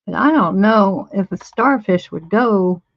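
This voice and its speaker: A woman's voice: mid-range voice, animated, unhurried, no room sound, lo-fi sound. A woman over fifty telling a story on a casual livestream from her home art studio, emphatic, often repeating words for stress and laughing.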